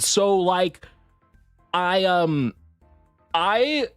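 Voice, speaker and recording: A woman chatting casually with viewers on a livestream, swinging between squealing excitement and low mumbles, swearing now and then. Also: drawn-out words, long pauses, no echo, soft background music.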